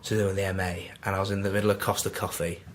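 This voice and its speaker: A man's voice: deep voice, fast talker, slight background noise. A man in his twenties with a Manchester accent, telling anecdotes as a podcast guest and acting out the dialogue. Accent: Mancunian. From Manchester, England. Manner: animated, acts out quoted dialogue. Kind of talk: casual anecdotal storytelling.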